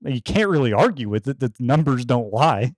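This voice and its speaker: A man's voice: medium pitch, expressive, moderate pace, no room sound, studio quality. A young man co-hosting a podcast from his bedroom, telling stories casually with lots of swearing and laughter. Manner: storytelling, swears a lot, laughs often. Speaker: podcast co-host. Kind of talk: casual chat.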